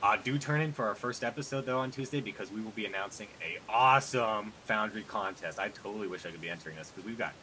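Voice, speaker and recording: A man's voice: fairly low pitch, fast talker, few pauses, bright, forceful tone, a little hiss or hum, rough recording. A man hosting a podcast, chatting casually and joking as he rambles through plans for the show. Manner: rambling, joking, upbeat promo talk. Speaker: podcast host.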